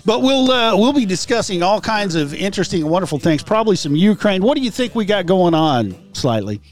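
A man's voice: high-pitched, big pitch swings, fairly quick, faint music behind. A man co-hosting a casual livestream. He is chatty and laughs easily. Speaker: livestream co-host.

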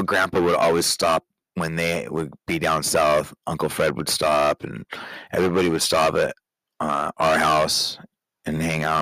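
A man with a very low voice speaks openly and emotionally, stopping and restarting as he talks straight to his child. The sound is dry and close, with no room around it. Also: fairly bright tone, no room sound, poor audio. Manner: candid and emotional, halting with restarts. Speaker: podcast host, father speaking to his daughter. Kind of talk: personal podcast monologue.

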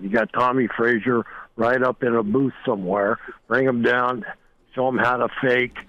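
A man's voice: mid-range voice, no echo. Blunt male caller on a phone line. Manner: blunt, insistent. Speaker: radio caller. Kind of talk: call-in sports opinion.

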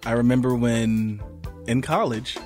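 A man's voice: medium pitch, measured pace, a little mellow, faint music behind. A man co-hosting a podcast in casual chat, opinionated and laughing between remarks. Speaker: podcast co-host.

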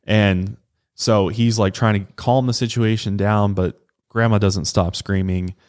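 A man's voice: on the low side, fairly even intonation, unhurried, a little mellow. A man co-hosting a podcast, recounting a true-crime case in a loose, conversational way with casual swearing. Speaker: podcast co-host.

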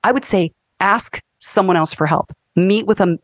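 A woman in her fifties, a counselor and guest, talking in an animated, emphatic teaching way on a faith-based podcast. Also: medium pitch, moderate pace, no echo, studio quality.

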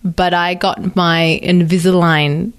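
A woman's voice: lowish voice, little pitch movement, slow pace. A woman co-hosting a podcast in an easygoing chat with a friend. She talks freely and often uses fillers as she works through her thoughts. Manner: chatty, lots of fillers. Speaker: podcast co-host. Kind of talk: casual chat.

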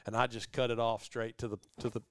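This middle-aged podcast host talks fast in a mid-range voice, with no room sound. In casual conversation he tells a long, rambling story, animating the voices of those he quotes.

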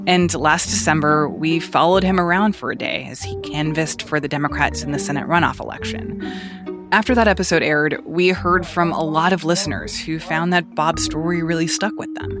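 A male podcast host narrating a scripted segment in a calm, measured way. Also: a little high.

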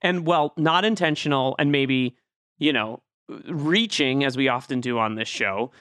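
Bright, crisp man arguing a take. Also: medium pitch, moderate pace, no echo, clean studio sound. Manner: argumentative, builds a reflective counter-argument. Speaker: podcast co-host. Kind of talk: casual film-review chat.

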